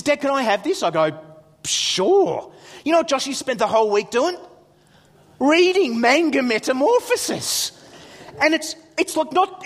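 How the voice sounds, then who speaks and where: A middle-aged man, preaching a sermon as an animated storyteller who acts out his son's lines. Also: very high voice. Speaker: pastor. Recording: long hall reverb.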